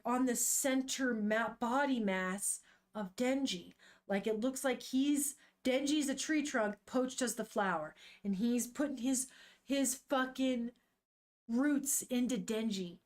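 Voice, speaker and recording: A woman streaming as she reads manga, chatting casually and animatedly, swearing freely and thinking aloud. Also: fairly high pitch. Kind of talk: casual chat.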